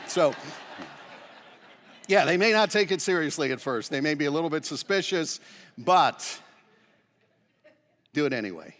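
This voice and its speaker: A man preaching a conversational sermon at a medium pitch, earnest and direct with his congregation. His voice carries a long reverb from a church sanctuary. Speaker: pastor.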